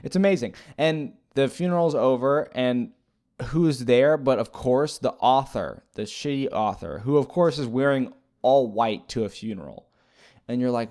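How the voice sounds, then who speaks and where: A man's voice: medium pitch, normal speed, a little mellow. Rambling man recapping a movie. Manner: rambling, hesitant, lots of fillers and restarts. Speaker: movie reviewer. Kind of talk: casual spoken movie recap.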